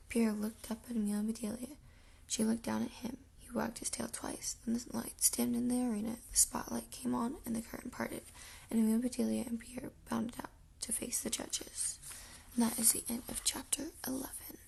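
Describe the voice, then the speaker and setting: A woman reading a children's chapter book aloud in a soft, half-whispered way, her voice gravelly and rough from the early morning. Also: a little high, flat delivery, moderate pace. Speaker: audiobook reader.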